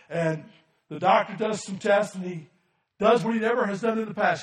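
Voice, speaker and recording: A man with a high-pitched voice preaching in a church sanctuary, recorded from a distance with a roomy echo. He drops to quiet, low asides and then builds to shouts, calling out for amens from the congregation. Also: steady tone, moderate pace. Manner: swings from soft and low to shouted emphasis, calls for amens. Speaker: pastor. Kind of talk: sermon. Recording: echoey room from off the mic.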